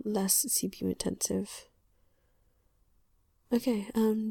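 A young woman whispering through an ASMR questionnaire on a USB condenser mic, slightly congested and croaky, rambling softly with many fillers. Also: a little high, fairly even intonation, unhurried, long pauses, no room sound, studio quality. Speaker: ASMR creator.

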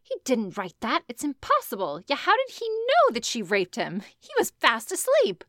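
A woman's voice: sits high, huge pitch swings, normal speed, a bit bright, no room sound, clean studio sound, exaggerated voice. Woman reading an incredulous police sergeant.

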